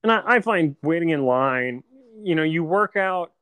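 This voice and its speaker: A man's voice: a little high, lively intonation, normal speed, fairly bright tone, clean tone, dry recording. A man co-hosting a podcast, chatting casually with dry, mock-serious jokes. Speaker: podcast co-host.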